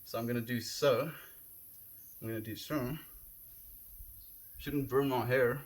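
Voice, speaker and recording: A man's voice: mid-range voice, fairly even intonation, unhurried, slight background noise. Gushing man streaming live. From South Africa. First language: Afrikaans. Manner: gushing, heartfelt, reads chat comments aloud. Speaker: livestreamer. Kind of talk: casual live-stream chat. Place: outdoors, windy.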